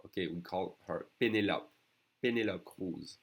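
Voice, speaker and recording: Man, French accent, very low voice, online language teacher, patient, repeats phrases slowly. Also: creaky, a little hiss or hum.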